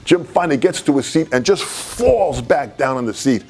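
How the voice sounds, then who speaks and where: A man telling a personal anecdote in an animated way, laughing as he goes. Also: fairly high pitch, moderate pace, breathy edge. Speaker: storyteller.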